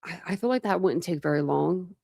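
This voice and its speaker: A woman's voice: fairly low pitch, lively intonation, brisk, vocal fry, darkish tone, slightly rough, no echo, studio quality. A woman hosting a true crime livestream, chatting casually with viewers in a rambling way. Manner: rambling and chatty, with many fillers and restarts.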